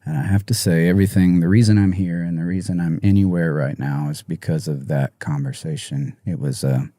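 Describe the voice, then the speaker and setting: Low, mellow man, guest in an interview, halting and close to tears, dry sound. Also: steady tone, dry recording. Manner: halting, soft-spoken, many pauses and restarts. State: emotional, near tears. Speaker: musician guest. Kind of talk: emotional interview storytelling.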